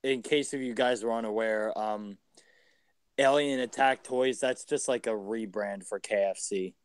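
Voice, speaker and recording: Smooth-voiced young man joking around. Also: mid-range voice, a little slow, no echo. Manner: joking, swears, acts out bits. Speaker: podcast co-host. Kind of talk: casual chat.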